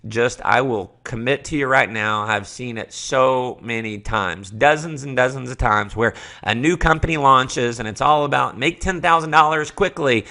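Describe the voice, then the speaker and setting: Bright, gravelly-voiced man giving a fired-up training talk. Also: medium pitch, normal speed, hardly any pauses. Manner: passionate, emphatic, repeats key phrases. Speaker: network marketing trainer.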